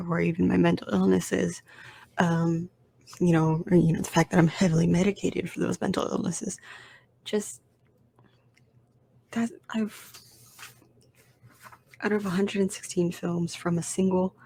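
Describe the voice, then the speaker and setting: A woman's voice: lowish voice, creaky, a little mellow, slightly rough. A woman hosting her own podcast, talking casually and rambling with lots of fillers, restarts and self-deprecating asides. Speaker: podcast host. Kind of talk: casual solo podcast talk.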